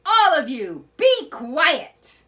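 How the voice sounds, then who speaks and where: A woman reads a wise old badger from a children's storybook, who gives orders and gets respect. His lines come slow and deliberate, and they rise sharply when he commands. The pitch still moves a great deal. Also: very animated. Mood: stern.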